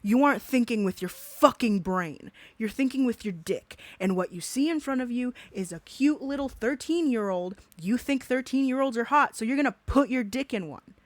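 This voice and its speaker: A woman's voice: a little high, lively intonation, normal speed, few pauses, no room sound. A woman giving a profane reaction commentary, ranting angrily and swearing heavily. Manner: angry, ranting, heavy swearing.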